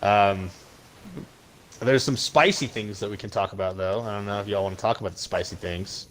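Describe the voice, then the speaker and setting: A man's voice: fairly low pitch, normal speed, a little hiss or hum, rough recording. A man co-hosting a podcast, talking in a rambling, opinionated casual way. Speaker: podcast co-host. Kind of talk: casual chat.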